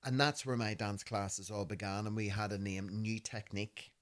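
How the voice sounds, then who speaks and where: A man in his fifties with a Belfast accent, co-hosting a podcast and telling animated, laughing stories that act out voices. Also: fairly low pitch, moderate pace. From Northern Ireland. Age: 50s. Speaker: podcast host. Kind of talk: casual storytelling chat.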